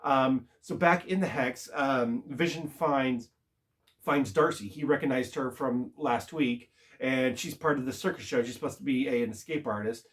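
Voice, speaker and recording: Rambling, halting male TV reviewer. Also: medium pitch. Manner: rambling, halting, lots of filler words. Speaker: TV show reviewer. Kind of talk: casual spoiler recap.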